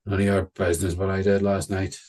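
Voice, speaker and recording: A gruff, tight-lipped hitchhiker, put on by a man storyteller, answering in short, unfriendly snaps. The voice is low and husky. It sounds quieter and flatter than the storyteller's own telling. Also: fast. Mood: gruff curt. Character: gruff, secretive male hitchhiker.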